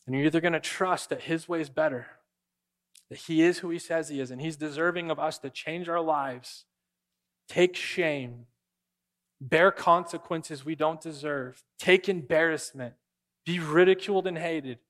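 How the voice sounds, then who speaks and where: A man's voice: on the high side, unhurried, a bit bright. A man preaching a sermon, asking the congregation questions and answering them himself. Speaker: pastor.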